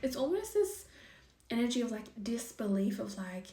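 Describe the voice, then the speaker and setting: A woman's voice: fairly high pitch, big pitch swings, normal speed, dark tone, far from the mic, soft background music. A young woman giving a casual tarot reading, thinking aloud in a loose, chatty way, with lots of likes and ums and the odd swear word. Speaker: tarot reader. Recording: echoey room.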